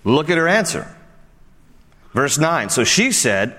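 A man preaching a sermon in a conversational way, reading scripture slowly and acting out the quotes. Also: on the high side, sing-song, sharp tone, slightly rough, in a large hall.

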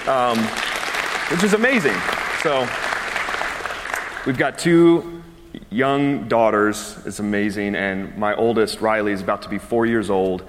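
A man's voice: fairly low pitch, unhurried, pauses often, a faint crowd, a little hiss or hum. A man in his thirties, a pastor giving a chatty, conversational sermon and laughing easily between his words. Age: 30s. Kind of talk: conversational sermon with personal story. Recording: long reverb of a large hall.

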